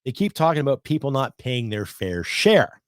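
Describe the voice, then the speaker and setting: A man's voice: mid-range voice, big pitch swings, normal speed, no echo, studio quality. A man in his fifties hosting a solo podcast, ranting bluntly with profanity and sarcasm. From Canada. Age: 50s. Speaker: podcast host.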